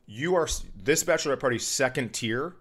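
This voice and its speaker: Man, comedian, crude animated storytelling, mocking impressions, casual podcast chat. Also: mid-range voice, brisk.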